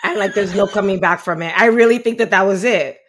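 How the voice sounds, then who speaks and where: A woman's voice: mid-range voice, fairly quick, a little hiss or hum. A woman from Miami, guest on a podcast, talking bluntly and candidly with lots of "like" fillers. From Miami, United States. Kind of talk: casual chat.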